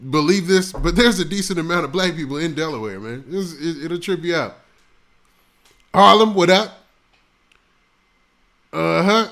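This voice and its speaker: A high-pitched, gravelly male voice hosts a casual live stream on a close mic. He runs through shout-outs to viewers in loose, laid-back slang. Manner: shouting out viewers' locations one after another.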